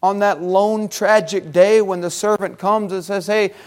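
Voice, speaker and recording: A man delivers a sermon in a very high voice. He preaches with animation and talks directly to the people in front of him. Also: steady tone, a little slow. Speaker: pastor.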